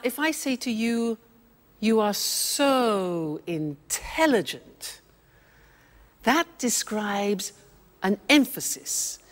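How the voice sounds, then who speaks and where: A woman teaching English, explaining words slowly and acting out short example dialogues. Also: medium pitch. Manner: deliberate, spelling out words and acting out little dialogues. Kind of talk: slow classroom explanation. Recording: reverberant room.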